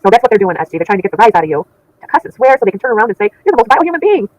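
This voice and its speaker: A woman's voice: mid-range voice, animated, very fast, darkish tone, poor audio. A middle-aged woman hosting a casual livestream, chatting with viewers in an indignant, laughing way. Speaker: channel host reading chat.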